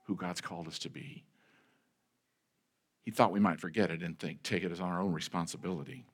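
A male pastor preaching a sermon in a conversational way, with fillers and restarts, stressing key phrases and letting sentence ends trail off quietly. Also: deep voice, fairly even intonation, brisk, pauses often.

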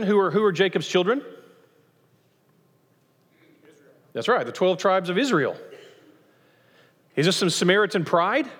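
A man preaching a sermon as pastor of a church, lively, acting out voices from the passage as he teaches. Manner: animated, acts out quoted voices with rising pitch. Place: church sanctuary. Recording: long church reverb.

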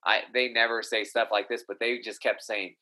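Bright-voiced man talking casually. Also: on the low side, level tone, poor audio. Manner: halting, repeats words while thinking. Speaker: guest fighter. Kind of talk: casual chat.

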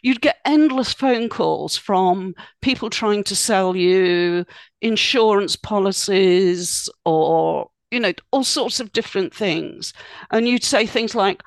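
A woman's voice: mid-range voice, slow pace, no echo. A woman, a guest on an interview podcast, giving practical advice in a chatty, explanatory way, with many "um"s and "you know"s. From United Kingdom. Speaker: guest expert.

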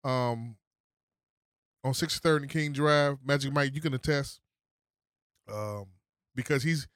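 A man's voice: mid-range voice, measured pace, a bit bright, clean tone, dry recording, studio quality. A man hosting a casual podcast chat, setting others straight in a matter-of-fact way.

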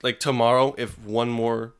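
A man's voice: mid-range voice, flat delivery, normal speed, clear, resonant tone. A man co-hosting a podcast in sarcastic, profane casual chat. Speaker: podcast co-host.

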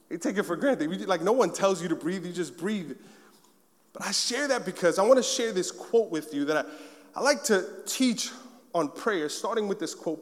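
A man with a very high voice preaches to a congregation. He tells a personal story with lively, acted-out moments. His voice rings with the long reverb of a large hall. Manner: animated storytelling, acting out scenes.

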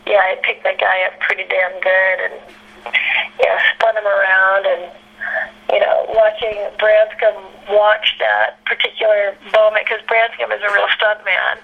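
An actress being interviewed, telling candid stories in a rambling, chatty way, full of fillers and laughter. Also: female voice, medium pitch, little pitch movement, unhurried, creaky, phone-quality sound. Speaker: actress guest.

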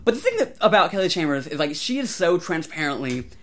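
A man co-hosting a podcast, ranting with animated, profane energy. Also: a little high, quick pace. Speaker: podcast co-host. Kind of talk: casual chat.

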